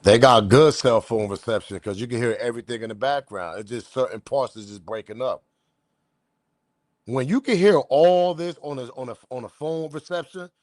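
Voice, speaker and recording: Male commentary host, mid-pitched, blunt slangy delivery straight to viewers. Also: no echo, studio quality. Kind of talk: casual commentary.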